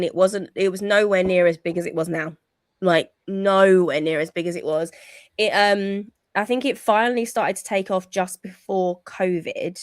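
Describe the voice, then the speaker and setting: A woman's voice: lowish voice, no echo, studio quality. A woman with a British accent, a wrestler guest chatting casually in an interview and laughing easily. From United Kingdom.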